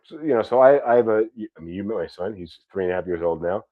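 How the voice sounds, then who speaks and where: A man's voice: lowish voice, expressive, fast, dry recording, phone-quality sound. A man in his thirties with a New York accent, hosting a casual chat, rambling with repeated words and casual swearing. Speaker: podcast host.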